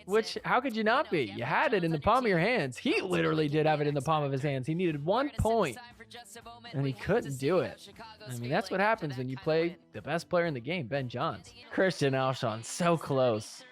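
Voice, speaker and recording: Brief: male podcast host, sarcastic play-by-play riffing, animated pitch, mid voice, soft music under. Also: moderate pace. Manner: sarcastic, teasing, laughs often. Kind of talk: casual commentary over match clips.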